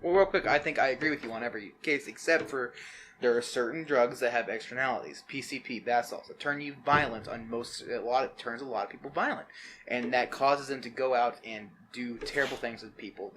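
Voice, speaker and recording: A man co-hosting a podcast, quick to interrupt and push back in a casual debate. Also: mid-range voice, fairly bright tone, slight background noise. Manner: quick, interrupts, laughs easily. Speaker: podcast co-host.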